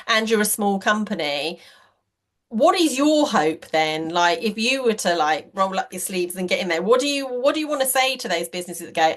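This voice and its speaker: A woman's voice: mid-range voice, lively intonation, normal speed, fairly bright tone. A woman hosting a podcast interview, chatting enthusiastically with lots of fillers. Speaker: podcast host. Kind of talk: conversational interview.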